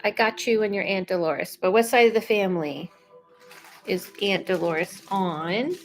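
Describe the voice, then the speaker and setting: Woman, medium-pitched, slow and chatty, psychic reading over soft music. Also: poor audio. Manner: chatty and unhurried, with many fillers. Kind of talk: live-streamed reading.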